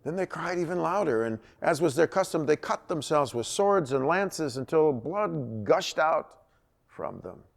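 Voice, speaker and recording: A man leading a church Bible study, retelling a scripture story in a lively storytelling manner. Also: fairly high pitch, measured pace, creaky.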